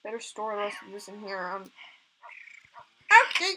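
A woman hosting a let's play, giving excitable commentary and gushing over cute animals. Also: mid-range voice, normal speed, a little hiss or hum, rough recording. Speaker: gaming channel host.

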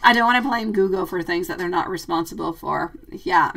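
On a live tarot stream, a woman reads viewer comments aloud, affectionately calling people sweetie and laughing often. Her lowish voice is brisk and gravelly. The mic sits far away, and heavy background noise fills the clip.

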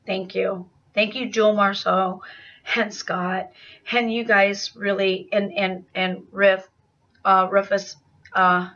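A woman's voice: mid-range voice, level tone, slow, fairly bright tone. A middle-aged woman vlogging a candid, rambling video diary in a confessional manner. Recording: dull, slightly distant sound.

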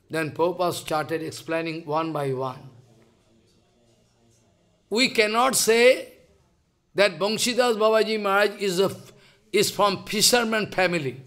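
A man's voice: sits high, unhurried, long pauses, a bit bright. An older man with a Bengali accent gives a devotional lecture in broken English, emphatic and repeating his phrases. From India. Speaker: spiritual teacher.

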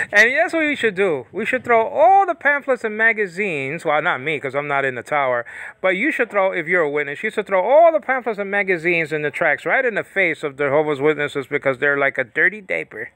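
A man teaching the Bible in a casual, rambling monologue, often correcting himself and slowly reading out Greek words. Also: on the high side, big pitch swings, pushed and bright, dry recording.

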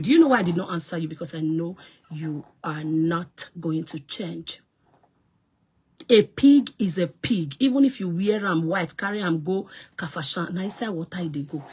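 Nigerian actress ranting on a live stream; husky voice, loud and scolding, swings in pitch and volume. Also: female voice, very animated, moderate pace.

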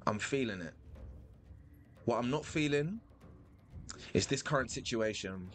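Brief: streamer, slow and playful, repeats lines, quiet music under him. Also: male voice, medium pitch. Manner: animated, playful, sudden loud outbursts; thinks aloud, repeats phrases. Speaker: streamer playing a video game. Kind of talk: live gameplay commentary.

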